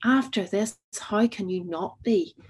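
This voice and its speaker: A woman's voice: medium pitch, a little slow, slightly rough, voice pushed up. A woman doing a fervent, preachy stewardess. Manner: insistent, preachy, emphatic. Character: pushy evangelical female flight attendant, fervent.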